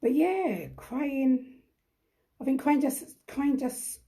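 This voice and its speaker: A woman's voice: high-pitched, expressive, takes it slowly, dark tone. A young woman hosts a live chat with viewers, talking in a chatty, emphatic and encouraging way. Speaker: host.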